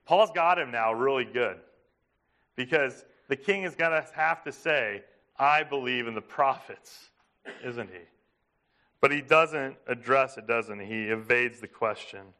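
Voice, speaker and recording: A man preaching a sermon, emphatic, asking his listeners questions and slowing down to stress a point. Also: medium pitch, sharp tone. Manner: emphatic, asks the congregation questions. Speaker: pastor.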